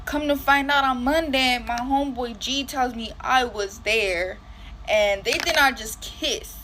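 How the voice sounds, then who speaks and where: A woman's voice: a little high, measured pace, sharp tone, slight background noise. A woman telling a dramatic storytime while getting ready, full of slang and swearing.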